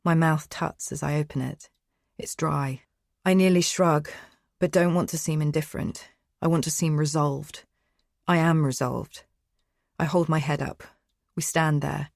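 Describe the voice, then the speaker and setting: A woman narrates a first-person thriller in a tense, hushed, inward way. Her voice sits low and is recorded close and dry in a studio. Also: fairly even intonation, unhurried, gravelly, dry recording. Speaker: audiobook narrator.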